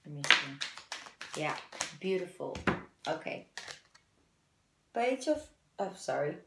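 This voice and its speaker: Casting: woman tarot reader, low, gravelly tone, chatty and encouraging, echoey room. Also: big pitch swings, slow, noisy background. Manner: chatty, encouraging, fillers like "you know". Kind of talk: casual tarot reading to camera.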